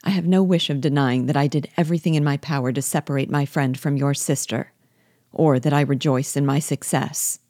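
A woman reading the lines of a proud, wealthy gentleman in a formal, clipped, disdainful manner. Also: low-pitched, fairly even intonation, fairly quick, no echo, studio quality, close to an everyday voice. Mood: cool.

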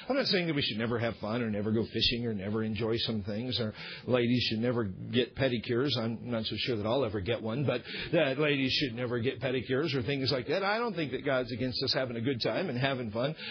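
A man's voice: mid-range voice, brisk, highs cut off. A man pastor delivering an emphatic, repetitive sermon.

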